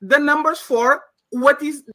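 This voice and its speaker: Insistent man with a high voice. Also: steady tone, a little slow, bright, forceful tone. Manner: insistent, pressing for numbers. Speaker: panelist. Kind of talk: panel discussion clip.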